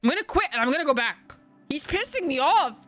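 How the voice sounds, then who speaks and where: A young woman streaming a game in a casual, expressive way, swearing often and mixing in Arabic phrases. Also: sits high, fast, soft background music.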